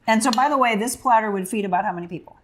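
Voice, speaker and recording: A woman's voice: on the high side, very fast. A woman hosting a casual cooking segment, upbeat and chatty, laughing often as she talks to her guest and viewers. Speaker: TV show host.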